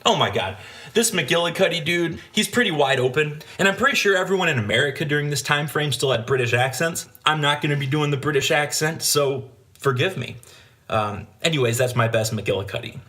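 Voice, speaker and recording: A man's voice: a little high, expressive, fairly quick, pushed and bright. A man hosting a gaming channel, reading a gamebook aloud with casual, joking asides.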